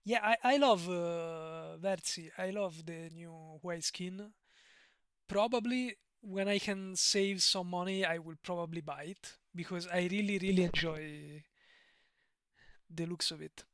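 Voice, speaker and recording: A man's voice: high voice, a little slow, a bit bright, clean tone, dry recording, studio quality. A man with an Italian accent chatting casually on a live stream, rambling, digressing and laughing often. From Italy.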